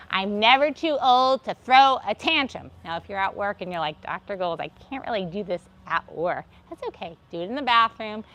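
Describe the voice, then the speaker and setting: A woman's voice: mid-range voice, fairly bright tone. A woman leading a live wellness and laughter yoga class, upbeat, encouraging and playful as she guides stretches and breathing. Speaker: wellness instructor. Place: livestream.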